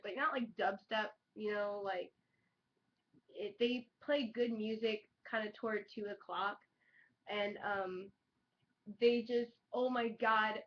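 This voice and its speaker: A young woman vlogging in casual chat, excitable and chatty, peppering her talk with "like" and swearing. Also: mid-range voice, a little hiss or hum. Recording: dull lo-fi webcam audio.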